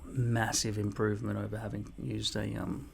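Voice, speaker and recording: A man's voice: fairly low pitch, monotone, moderate pace, creaky, a little hiss or hum. A man, casually reading and answering viewer comments in a blunt, mock-boastful way, swearing often. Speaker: vlogger replying to comments. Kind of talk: casual comment-reply monologue.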